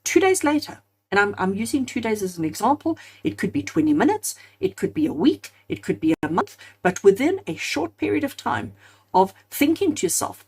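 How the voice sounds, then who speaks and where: A woman's voice: mid-range voice, big pitch swings, moderate pace, darkish tone, breathy edge. A woman giving a spoken tarot reading to her viewers. She talks earnestly, calls them friends, and builds emphatic lists of repeated phrases. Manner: addresses viewers directly as friends. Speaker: tarot card reader.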